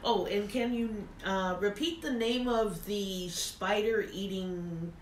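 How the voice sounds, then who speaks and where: A woman's voice: medium pitch, slow pace. A woman moderating questions for a teacher, asking hesitantly with fillers. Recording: echoey room with background noise.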